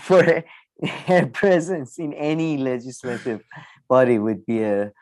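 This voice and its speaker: A man co-hosting a casual podcast chat, animated and quick to laugh. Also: no echo. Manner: animated, laughs often, lively pitch. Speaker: co-host.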